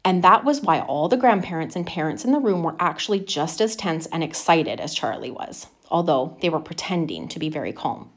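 A woman reading a children's novel aloud with expressive, animated narration. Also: low-pitched, fairly quick, few pauses. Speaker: reader.

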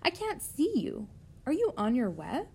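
Woman voicing a young male pig, worried, pleading, raised pitch, storybook figure. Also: huge pitch swings, a little slow, gravelly, a little mellow, breathy edge, heavily acted.

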